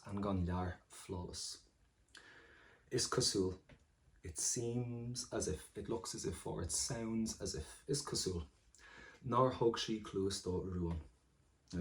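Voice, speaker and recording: A man's voice: fairly low pitch, darkish tone. A man with an Irish accent, teaching exam vocabulary and explaining each word in turn in an encouraging way. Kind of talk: exam-prep lesson.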